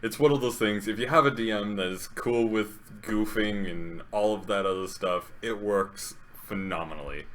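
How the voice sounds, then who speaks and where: A man's voice: lowish voice, moderate pace, few pauses, a little hiss or hum. A man who plays in a tabletop game, chatting casually, laughing often and hesitating with fillers. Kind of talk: casual podcast chat.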